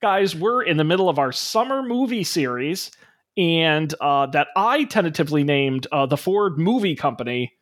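Chatty male podcast host, slightly high voice. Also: expressive, normal speed. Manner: chatty, with frequent ums and uhs; upbeat and enthusiastic when plugging the show. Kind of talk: casual tech podcast chat and show plugs.

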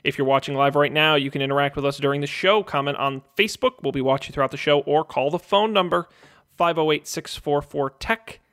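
A man hosts a casual tech podcast. His voice sits a little high for a man. He rattles off show plugs quickly and teases his co-hosts. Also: steady tone, fairly bright tone. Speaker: podcast host.

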